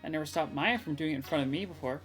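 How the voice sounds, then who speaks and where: A woman's voice: deep voice, racing, faint music behind, natural voice. A woman voicing an earnest young male defense lawyer in a plain, mildly wry way, reading game dialogue. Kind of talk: game dialogue read aloud.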